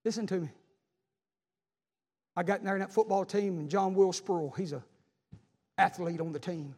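A man preaching a sermon as pastor, building to shouted emphasis. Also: sits high, moderate pace, big-room sound. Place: church hall.

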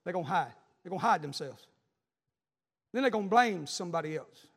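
A male pastor preaching a sermon in a church, fervently crying out and shouting in bursts. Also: sits high, lively intonation, brisk, husky, long reverb tail.

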